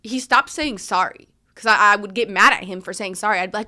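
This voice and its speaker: A woman at a middle pitch with a bright, forward tone hosts a podcast. She tells a personal story in a candid, emphatic way, swearing freely as she goes. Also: fairly quick, few pauses. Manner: frank, profane and emphatic. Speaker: podcast host.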